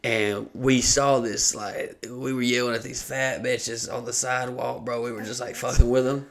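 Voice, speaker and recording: A young man talks loosely on a podcast, swearing freely as he winds through a long story. His voice sits at an everyday middle pitch. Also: little pitch movement, moderate pace, gravelly, fairly bright tone. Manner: profane, rambling anecdote with lots of fillers. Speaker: podcast host. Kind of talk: casual storytelling chat.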